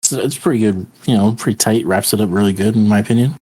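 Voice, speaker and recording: A man with a low, husky voice co-hosts a podcast in loose, casual chat. He retells scenes in a sweary, laughing way. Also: fast talker, dark tone. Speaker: podcast co-host.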